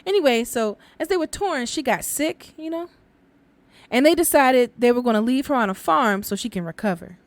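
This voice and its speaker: A woman's voice: fairly high pitch, animated, moderate pace, no echo. A woman hosting a podcast, telling folk tales in a casual, chatty way and laughing often. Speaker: podcast host and storyteller.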